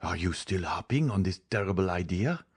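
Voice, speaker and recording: A man's voice: low-pitched, animated, normal speed, slightly rough. A man voicing an anxious, startled magistrate who fires off urgent, alarmed questions in an audiobook reading. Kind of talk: audiobook character voice.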